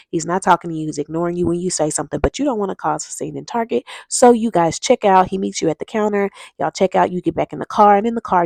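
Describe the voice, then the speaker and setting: A woman's voice: on the low side, vocal fry, darkish tone, no echo. A woman talking straight to her viewers in a chatty, emphatic way, urging them to act and telling stories along the way. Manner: chatty storytelling, addresses viewers as y'all. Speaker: vlogger. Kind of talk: casual advice talk to camera.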